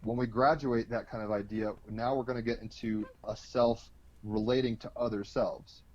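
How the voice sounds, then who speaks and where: A man's voice: lowish voice, fairly even intonation, normal speed, a little mellow, muffled recording. A man explaining astrology as an interview guest, in a loose, colloquial way full of fillers and the odd swear word. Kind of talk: casual explanatory interview talk.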